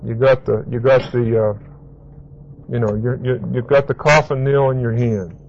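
A male preacher teaching scripture in an emphatic, repetitive way, stressing key words and spelling out terms letter by letter. His voice sits at an ordinary middle pitch. The recording is dull and lo-fi, with a faint hiss underneath. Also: steady tone, normal speed. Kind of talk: Bible teaching sermon.

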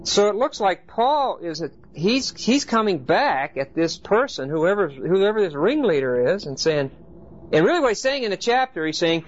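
This is a Bible study lecture given by a man with a high, sing-song voice who speaks at a moderate pace. He explains every point and often pauses to check in with the group. Faint hiss runs under the dull, lo-fi audio.

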